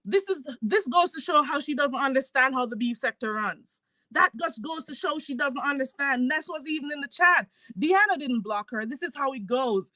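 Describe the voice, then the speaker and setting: Woman ranting, heated and mocking, profane, fairly high voice, dry close sound. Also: lively intonation, normal speed, bright, forceful tone, no echo. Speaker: YouTube commentary host. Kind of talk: ranting commentary.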